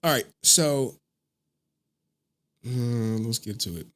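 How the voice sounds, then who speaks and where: A man in his thirties hosting a casual online commentary, animated and slangy, swearing and laughing often. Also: mid-range voice, slow pace.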